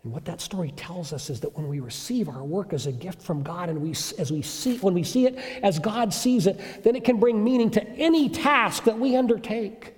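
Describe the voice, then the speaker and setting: A man's voice: high voice, lively intonation, moderate pace, hardly any pauses, big-room sound. A male pastor preaching a sermon in an emphatic storytelling manner with rhetorical questions.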